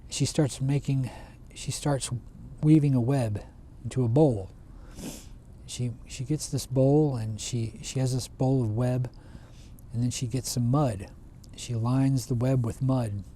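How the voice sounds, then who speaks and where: A man retelling a traditional folk tale in a relaxed, conversational way, often restarting his phrases. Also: mid-range voice, measured pace, slight background noise. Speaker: storyteller. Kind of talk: casual oral storytelling.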